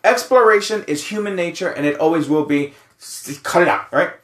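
A man with a notably high voice, recorded in a reverberant room. He rants in casual chat, swearing freely and throwing out rhetorical questions. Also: a little fast, fairly bright tone.

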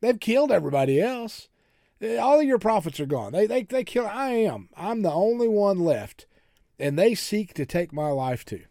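A man voicing a zealous male prophet who pleads in a high, loud, self-pitying way. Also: very animated, moderate pace, no echo, clean studio sound. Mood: despairing.

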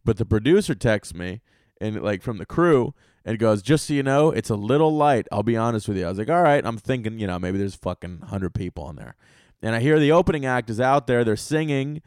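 A young man hosting a solo podcast, telling rambling, profane comic stories with bursts of loud excitement. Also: mid-range voice, fairly quick, clean tone, no echo, studio quality. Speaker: podcast host and stand-up comedian.

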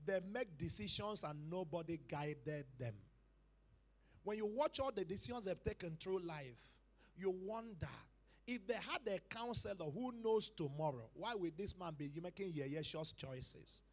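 A male pastor preaching a sermon to a church congregation, dropping to hushed lines and rising to loud shouted calls, repeating phrases for emphasis. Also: high-pitched, expressive, measured pace. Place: church service.

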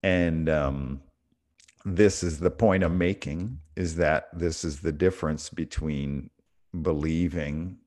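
A man's voice: very deep voice, steady tone, slow pace, darkish tone. A middle-aged man telling a story on a casual spiritual podcast, reflective and full of small restarts. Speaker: podcast co-host.

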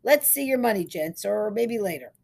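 Woman putting on a sly gossipy barber man, slightly husky voice, lively and teasing. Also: mid-range voice, moderate pace, voice pushed up. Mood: gossiping. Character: sly cackling small-town barber man.

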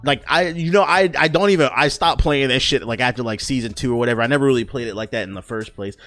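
A man's voice: medium pitch, quick pace, fairly bright tone, no echo. A man hosting his own podcast, rambling and joking in a casual, profane rant. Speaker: podcast host.

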